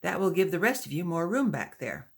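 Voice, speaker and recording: A woman's voice: lowish voice, big pitch swings, a little fast, creaky. A woman voicing a young male wagon teamster from Utah, talking in a cheerful drawl. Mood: easygoing.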